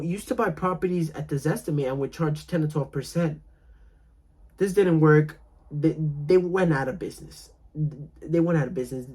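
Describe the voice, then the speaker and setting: A man coaching real estate wholesalers in a casual talk, acting out calls with sellers and often repeating himself. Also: a little mellow. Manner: role-plays calls with sellers, laughing at his own lowball offers; repetitive, restarts often.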